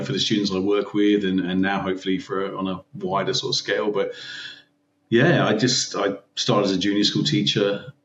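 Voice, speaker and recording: A man's voice: low-pitched, fairly bright tone, a little hiss or hum. A middle-aged man from Devon with a neutral English accent, a chatty, self-mocking podcast guest who laughs often. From Devon, England. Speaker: guest, teacher and founder. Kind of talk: casual interview chat. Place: room in Sydney. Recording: roomy, distant, dull call audio.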